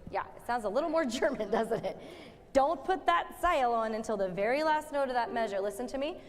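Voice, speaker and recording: A woman's voice: on the high side, expressive, fairly quick. A woman directing a choir rehearsal, joking with the singers and demonstrating sung phrases as she coaches. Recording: long hall reverb with faint music.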